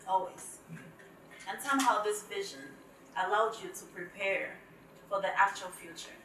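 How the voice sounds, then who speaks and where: A woman hosting a sit-down interview, asking questions and listening attentively with soft affirming hums. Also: medium pitch, moderate pace, a little hiss or hum. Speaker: interview host. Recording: roomy and distant from the mic.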